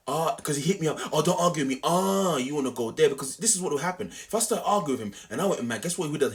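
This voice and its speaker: Young man, storytime rant, lively slangy delivery, slightly high voice. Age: young adult. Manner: animated, repetitive, conversational street slang. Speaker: vlogger.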